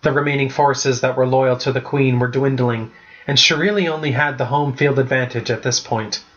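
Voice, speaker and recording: A man narrating a storybook chapter in the first person, reading steadily at an even pace. His voice sits at an ordinary middle pitch. The recording sounds slightly dull and lo-fi. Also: normal speed. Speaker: audiobook narrator.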